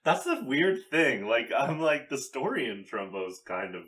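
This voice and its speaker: A man co-hosting a casual movie review podcast, talking in animated bursts, laughing often and trailing off mid-thought. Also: medium pitch, normal speed. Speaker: podcast co-host.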